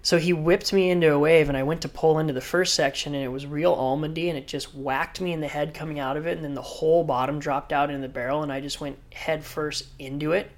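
Animated man telling a surf story. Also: a little high, fast, few pauses. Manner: animated, vivid storyteller who acts out others' lines. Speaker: professional surfer guest. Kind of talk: casual podcast storytelling.

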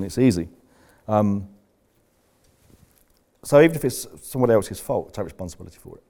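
Blunt, deep-voiced man. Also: mellow. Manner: blunt, swears freely, rambling anecdotes. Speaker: business coach. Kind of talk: candid coaching talk to members.

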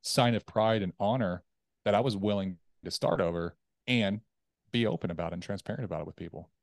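Low, dry-voiced man telling stories. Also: fairly quick, creaky, no echo. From United States. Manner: animated storytelling, acts out inner voices. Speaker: podcast guest, coach. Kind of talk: casual interview chat.

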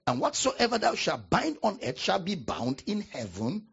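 A man preaching a sermon as pastor, with dramatic pauses and emphatic repetition. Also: sits high, huge pitch swings, vocal fry, a bit bright, husky, muffled recording.

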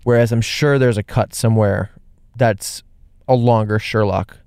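Jokey animated man reviewing films. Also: fairly low pitch, gravelly, smooth, dry recording, clean studio sound. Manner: animated, jokey, quick asides. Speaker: podcast co-host. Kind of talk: casual movie review chat.

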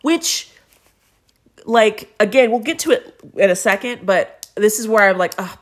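Animated woman retelling a story, swearing casually. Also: medium pitch, measured pace. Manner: animated, swears freely, acts out quoted characters. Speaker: podcast co-host.

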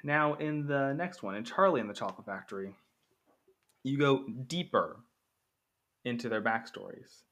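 Bright-voiced young man rambling casually. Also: medium pitch. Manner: rambling, self-correcting, jokey asides. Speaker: film reviewer. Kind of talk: casual spoken commentary.

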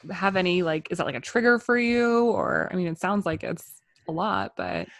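A woman host with a lowish voice, recorded dry and close. She speaks casually and supportively, gently drawing her guest out with questions. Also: big pitch swings, normal speed, no echo. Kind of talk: casual conversation.

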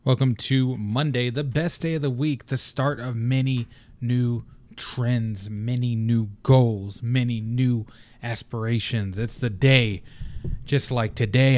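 A young man hosting a casual solo podcast, venting in an animated, profane way and slipping into mock voices. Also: medium pitch, slow pace, no room sound. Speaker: podcast host.

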